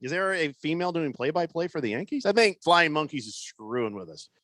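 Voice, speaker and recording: A man hosting sports talk radio with a lively, bouncing delivery and a fairly high voice for a man. He jokes with his co-hosts and reads listener comments aloud. The studio microphone gives a close, dry sound. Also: a little fast, no echo.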